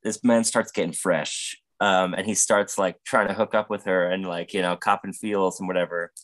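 A man's voice: low voice, fairly even intonation, moderate pace, fairly bright tone. A man telling a rambling, profane, comedic story in casual podcast chat. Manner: profane, rambling, with frequent fillers. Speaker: podcast guest or host.

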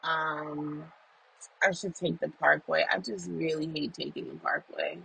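Gravelly, husky voice venting while driving. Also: medium pitch, fairly even intonation, measured pace, pushed and bright, rough recording. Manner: profane, emphatic, storytelling. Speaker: audio journal host. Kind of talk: casual venting monologue.

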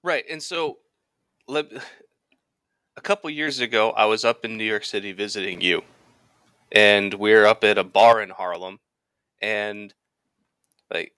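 A man co-hosting a casual podcast, telling an anecdote in a lively, animated way. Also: on the low side, unhurried, long pauses, clean tone, no room sound, studio quality. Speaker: podcast co-host. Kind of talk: casual podcast chat, storytelling.

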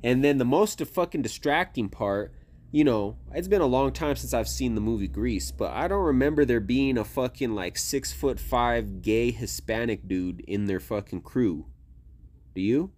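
A man's voice: mid-range voice, moderate pace. Profane, rambling young man co-hosting. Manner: rambling, profane, animated storytelling. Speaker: podcast co-host. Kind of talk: casual chat.

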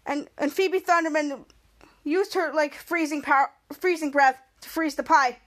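A woman's voice: high voice, steady tone, moderate pace, fairly bright tone. A woman on a podcast retelling a TV episode scene by scene, rambling and restarting often. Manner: rambling, repeats words and restarts.

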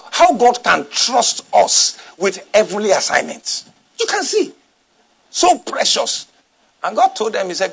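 Male pastor, high-pitched and swinging in pitch, emphatic sermon delivery with repetition. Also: huge pitch swings, unhurried, vocal fry, fairly bright tone, slightly rough. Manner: emphatic preaching, repeating and asking the congregation to respond.

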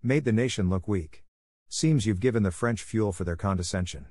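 Reader playing a lecturing business partner, reproachful, low and matter-of-fact. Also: male voice, normal speed, darkish tone, no echo, studio quality, natural voice. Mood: scolding. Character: scolding business partner, a man.

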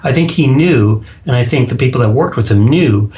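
A man speaking firmly and deliberately in a podcast interview, his sentences landing flat and sure. His voice sits in an ordinary middle pitch. The audio is slightly dull and lo-fi. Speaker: guest, public speaking coach.

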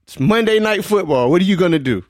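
A man's voice: sits high, lively intonation, no echo, studio quality. A man co-hosting a podcast in casual chat, setting up long slangy hypotheticals. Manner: storytelling, slangy, drawn-out setups.

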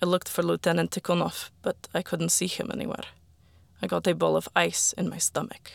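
An audiobook reader telling a first-person war story in a quiet, slow, deliberate way that at times drops to a whisper. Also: mid-range voice, monotone, creaky, dry recording.

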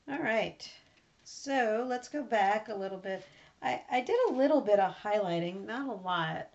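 A woman reading a scripture passage aloud at a steady pace, then explaining it in plain words with some fillers. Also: medium pitch, measured pace. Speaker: Bible study teacher. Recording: dull lo-fi recording.

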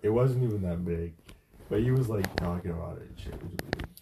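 A man's voice: sits low, brisk, vocal fry, background noise. A young man co-hosting a casual podcast, with loose, slangy talk. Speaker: podcast co-host.

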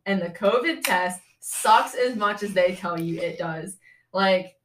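A woman's voice: medium pitch, unhurried, distant mic, slight background noise. Chatty young woman, a bit off-mic. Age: young adult. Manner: chatty, heavy use of "like", animated retelling. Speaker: podcast guest. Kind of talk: casual storytelling chat.

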